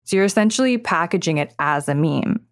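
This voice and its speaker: A woman's voice: on the low side, expressive, a little fast, no echo. A woman writer narrating her own audio essay in a reflective, thoughtful manner on a close studio mic. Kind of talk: scripted narration.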